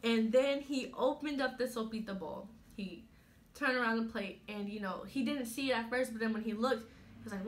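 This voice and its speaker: A woman's voice: on the high side, fairly quick, a little hiss or hum. A girl in her late teens telling her own story to camera in a chatty way, full of "you know" and fillers. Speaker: vlogger.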